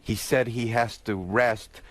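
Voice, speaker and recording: A male comedian tells a rambling comic anecdote in a middle-pitched voice. He sinks into a low, hushed tone for quoted dialogue, then bursts into high squeals when he gets excited. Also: takes it slowly. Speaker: guest comedian. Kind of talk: comic storytelling.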